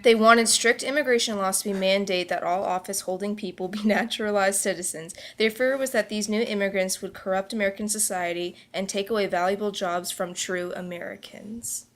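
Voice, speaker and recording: A woman's voice: mid-range voice, fairly even intonation, a little fast, few pauses. A woman reading a history report aloud for a class project, stumbling and restarting words now and then. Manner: reads aloud with occasional slips and restarts. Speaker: student presenter.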